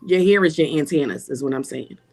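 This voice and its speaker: A woman's voice: sits low, brisk, gravelly, darkish tone. A woman guest on a livestream panel, speaking emphatically about spirituality in casual, repetitive, preacher-like runs.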